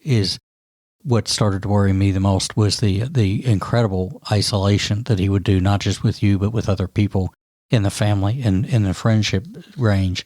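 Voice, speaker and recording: A man's voice: fairly low pitch, steady tone, normal speed, a little mellow, dry recording, studio quality. A middle-aged man co-hosting a true crime podcast, talking thoughtfully with frequent restarts. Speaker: podcast co-host. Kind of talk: conversational true crime discussion.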